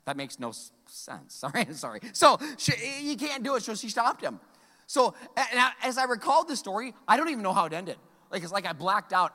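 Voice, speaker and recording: Middle-aged guy preaching, high lively voice bouncing around, bright, hall echo behind him. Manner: animated storytelling, acts out quoted voices. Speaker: pastor. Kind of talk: sermon. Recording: hall reverb.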